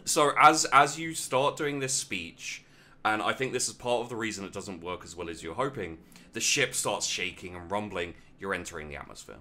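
British game master, lively bright voice. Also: male voice, fairly low pitch. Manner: casual, halting with fillers, laughing. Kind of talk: narrating a tabletop game.

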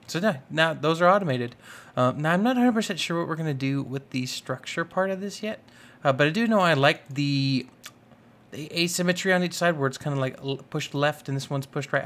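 A young man giving casual, rambling commentary over a modded block-building game, excitable and full of fillers. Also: a little high, fairly quick. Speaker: gaming YouTuber. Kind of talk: casual Minecraft let's play commentary.

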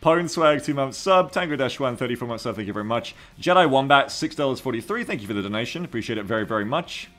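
A man's voice: medium pitch, expressive, fast talker, few pauses. A man streaming a game and casually thanking subscribers and donors by name. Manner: thanking donors warmly, reading names. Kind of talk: casual live-stream chat.

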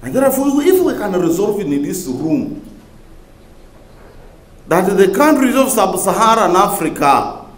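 Animated man speaking in an echoey hall. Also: high-pitched, a little slow, long pauses. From Uganda. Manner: oratorical, repeats key phrases for emphasis, rising to emphatic peaks. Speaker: government minister giving a conference speech. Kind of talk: public speech to a conference audience. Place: large conference hall.

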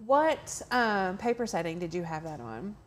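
A woman's voice: fairly low pitch, sing-song, moderate pace. A woman who owns a craft shop, hosting a live training in a friendly, casual way and answering viewer questions.

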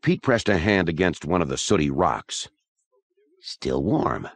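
A man narrating a horror audiobook in a steady, measured reading. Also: sits low, dry recording.

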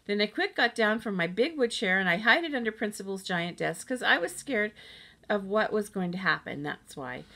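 A woman reads a children's audiobook aloud in a lively first-person manner, with a middle-range voice. She tells the story in the voice of a child looking back. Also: mid-range voice, normal speed. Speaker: audiobook reader.

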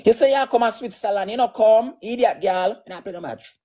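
A woman's voice: a little high, brisk, dark tone. A woman with a Jamaican accent ranting and cursing on a livestream, sometimes sliding into a sing-song tone. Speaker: livestream host. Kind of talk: heated livestream rant.

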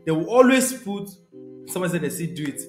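A young male sales trainer teaches a live sales session conversationally, repeating key points and checking in with viewers. His voice is on the high side, sing-song, and fairly quick. The room is reverberant, with soft background music.

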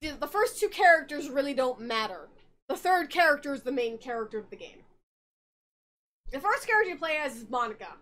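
A tipsy woman hosts a podcast in a high, sing-song, slightly bright voice, talking a little fast. She rambles casually through a game's story, giggling and swearing along the way.

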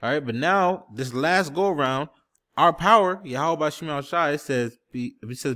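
A man's voice: fairly high pitch, animated, normal speed, sharp tone. A man teaching scripture in an emphatic style, checking in with "okay?" and "man" after nearly every phrase and looking up word definitions as he goes. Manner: looks up word definitions on screen while talking. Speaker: preacher.

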